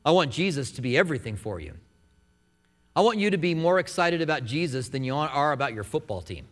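A man's voice: fairly high pitch, big pitch swings, a little fast, a bit bright, in a large hall. A man preaching a sermon in a church, earnest and conversational, often restarting his phrases. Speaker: pastor. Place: church sanctuary.

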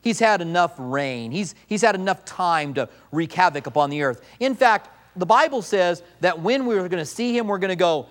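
Preaching in a high-pitched voice, this pastor talks briskly with few pauses. He delivers his sermon animatedly, performing quoted voices and hammering home important lines by repeating them.

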